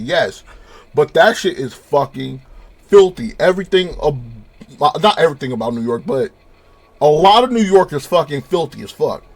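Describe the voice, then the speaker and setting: A young man from California rambles through a TV episode recap, swearing freely and retelling scenes with animated energy. His voice sits high for a man. Faint music plays underneath. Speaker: show reviewer. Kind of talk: casual spoken review.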